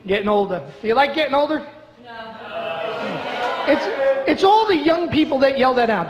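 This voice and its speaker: A man from Brooklyn, USA, performs stand-up in a very high, very animated voice, talking fairly quickly in a chatty, sarcastic way and teasing the crowd. The comedy club recording is reverberant, with audience noise in the background.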